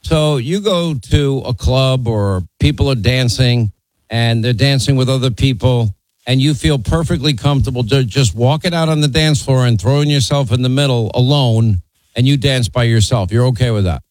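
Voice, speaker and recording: A man's voice: medium pitch, moderate pace, darkish tone, no room sound, rough recording. A man hosting a talk radio show and taking calls, blunt, opinionated and teasing, from New York.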